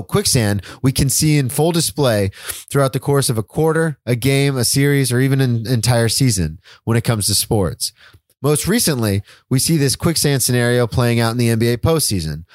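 A man's voice: medium pitch, expressive, moderate pace, dry recording, studio quality. A young man co-hosting a sports podcast, earnestly reading a personal essay he wrote. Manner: earnest, emotional, reads steadily. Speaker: podcast co-host. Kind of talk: reading a written essay aloud.

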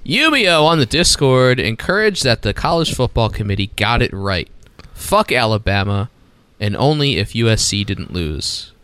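A mid-pitched male voice with a very lively pitch, reading listener notes and joking with his co-hosts. The sound is close and dry. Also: normal speed, hardly any pauses, smooth, no room sound. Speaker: podcast co-host. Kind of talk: casual banter among friends.

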